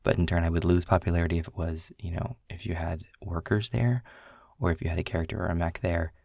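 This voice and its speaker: A man's voice: low-pitched, fairly even intonation, fast talker, creaky, a little mellow, no room sound, clean studio sound. A young man in a casual boyfriend role-play, rambling through game rules with lots of filler words. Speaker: audio role-play creator.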